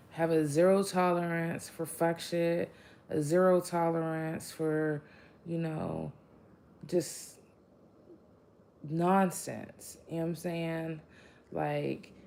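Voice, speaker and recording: A woman's voice: low-pitched, vocal fry, a little mellow, a little hiss or hum. A woman giving a casual spiritual pep talk as a vlogger, blunt and profane, rambling with lots of fillers.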